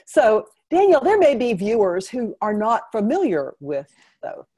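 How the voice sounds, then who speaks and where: Effusive woman hosting a talk show, mellow. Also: a little high, huge pitch swings, moderate pace, husky. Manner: effusive, laughs often. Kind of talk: casual live interview.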